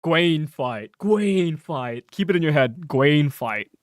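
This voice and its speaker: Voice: medium pitch, expressive, takes it slowly, no room sound, studio quality. A streamer with a northern English accent giving laid-back gameplay commentary, muttering to themselves and swearing freely. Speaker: game streamer.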